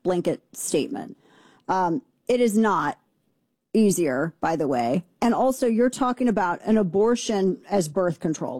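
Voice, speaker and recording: A woman hosting a talk show, riffing on the news in a sarcastic, mocking way. Her voice is mellow and dark-toned, recorded close and dry with no room sound. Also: mid-range voice, dry recording. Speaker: show host. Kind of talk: casual political commentary.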